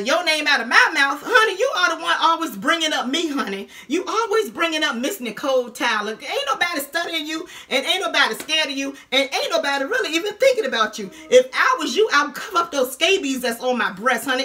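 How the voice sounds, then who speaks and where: Woman, high bright voice, taunting roast rant, vlog to camera. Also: sing-song. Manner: sassy, taunting, drawn-out "honey" and "girl". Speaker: YouTube vlogger.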